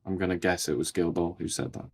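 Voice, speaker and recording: Deep-voiced dry, sardonic man. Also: quick pace, husky. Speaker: co-host. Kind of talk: political commentary talk show.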